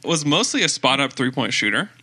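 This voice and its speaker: A man's voice: mid-range voice, big pitch swings, sharp tone. A man co-hosting a podcast in casual sports chat, rattling off stats and joking along. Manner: quick, stats-focused, joking. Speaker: podcast co-host.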